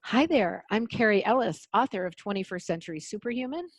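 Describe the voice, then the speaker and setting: A woman's voice: medium pitch, animated, fairly quick, over loud music. A woman hosting an interview show over a video call, chatting casually and reacting with enthusiastic praise. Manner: warm, effusive, lots of "mm" and "gorgeous". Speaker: host.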